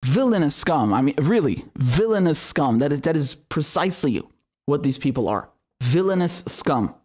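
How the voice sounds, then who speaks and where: A man's voice: fairly high pitch, very animated, normal speed, darkish tone. Profane, sarcastic man ranting. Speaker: political commentator. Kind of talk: solo commentary rant.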